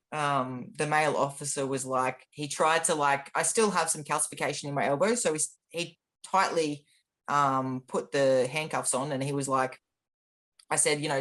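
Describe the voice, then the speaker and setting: A man's voice: fairly high pitch, bright, forceful tone. A man, a guest in an interview recounting his own experiences in a candid, matter-of-fact way with frequent ums and restarts. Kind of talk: personal storytelling in an interview.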